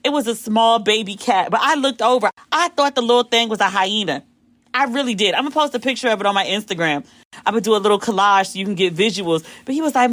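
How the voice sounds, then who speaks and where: A woman from the United States hosting a podcast, telling a story casually and acting out the quotes with big jumps in pitch. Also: fairly quick, fairly bright tone, dry recording. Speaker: podcast host.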